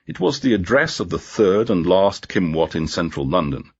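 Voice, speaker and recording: Man, storybook narration for learners, very low pitch, lively intonation, measured reading. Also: husky. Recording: dull lo-fi recording.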